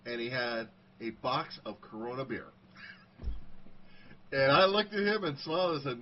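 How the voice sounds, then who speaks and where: With a mid-range voice, a measured pace and long pauses, a middle-aged man from the United States casually tells personal stories, acting out the quoted dialogue conversationally. A faint hiss runs under somewhat dull audio.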